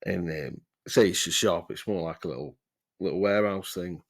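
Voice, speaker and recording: Deep-voiced man rambling a story. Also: moderate pace. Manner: rambling, sweary, laughs often. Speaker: podcast host. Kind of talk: casual storytelling.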